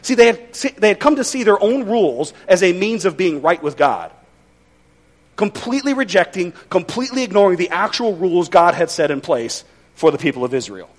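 Male pastor, bright high register, animated delivery, folksy sermon with dry jokes. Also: brisk. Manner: conversational, folksy with wry humor.

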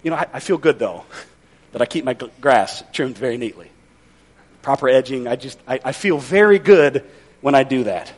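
A man's voice: medium pitch, animated, normal speed. A male pastor preaching a sermon in a conversational, folksy way with wry humor.

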